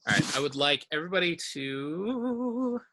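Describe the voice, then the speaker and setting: A man with a fairly high, bright, pushed voice and big swings in pitch speaks at a normal speed. He's teaching an informal online language lesson, explaining things step by step and checking in with his students often.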